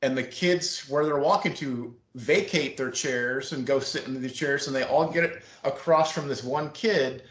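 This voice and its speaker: A man's voice: medium pitch, unhurried, hardly any pauses. Rambling storyteller man on a video call. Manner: rambling, animated storyteller acting out quoted voices. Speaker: interview guest, former school staff member. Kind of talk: casual storytelling interview. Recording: roomy video-call audio.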